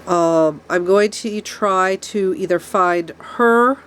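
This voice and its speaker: A woman's voice: lowish voice, slow, slight background noise. A woman with a stuffy nose from a cold, ranting angrily to camera about a problem while her pets are close by. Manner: angry ranting, speaks of her own angry tone. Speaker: rabbit keeper vlogger. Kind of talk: casual talk to camera. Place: rabbit barn with pets nearby.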